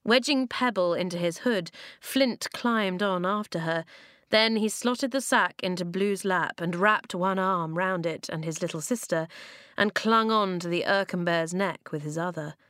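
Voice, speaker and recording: A woman narrating a children's storybook in a measured way, slowing down for emphasis, on a close microphone. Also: fairly low pitch, fairly bright tone, dry recording. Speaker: audiobook narrator.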